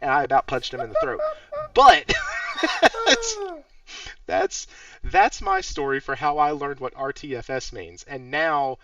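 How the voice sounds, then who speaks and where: A man's voice: medium pitch, big pitch swings, unhurried, vocal fry, fairly bright tone, far from the mic, highs cut off. A man hosting a casual gaming podcast, laughing often and swearing casually while he tells stories. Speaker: podcast host. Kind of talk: casual chat.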